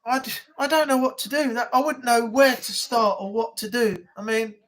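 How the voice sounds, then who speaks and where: A host of a casual weekly live chat, talking in a loose, rambling way. They drift from topic to topic and often break into laughter at their own stories. The pitch sits in a middle range. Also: steady tone, moderate pace. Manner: rambling, chatty storytelling. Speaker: livestream host.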